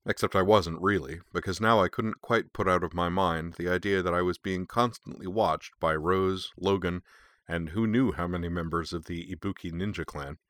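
Wry first-person audiobook narrator, male, low voice with a bright edge. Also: steady tone, moderate pace, no room sound.

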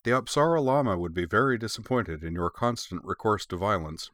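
A man voicing an easygoing middle-aged father who teases his wife with dry, deadpan jokes. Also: fairly low pitch, moderate pace, no room sound.

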